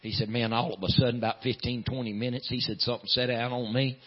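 A man preaching a sermon in a folksy drawl, filling pauses with "uh", swinging from loud preaching to hushed storytelling. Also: mid-range voice, steady tone, husky. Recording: dull lo-fi sound.

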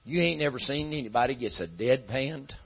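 A man preaching a sermon in a folksy style that climbs into shouting. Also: mid-range voice, lively intonation, brisk, creaky, breathy edge, highs cut off.

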